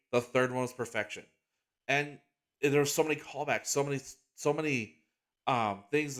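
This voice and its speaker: A man's voice: medium pitch, a bit bright. A man hosting his own podcast in a casual solo chat, rambling and enthusiastic, with lots of "like" fillers and restarts. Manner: gets emotional and earnest about a heartfelt topic. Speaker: podcast host.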